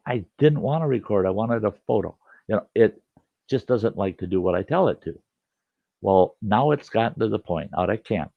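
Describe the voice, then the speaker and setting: An older man telling a funny camping story in a casual, animated way, acting out his shouting at a stubborn camera. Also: deep voice, vocal fry, dry recording. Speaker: storyteller host. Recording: dull, slightly lo-fi and dry.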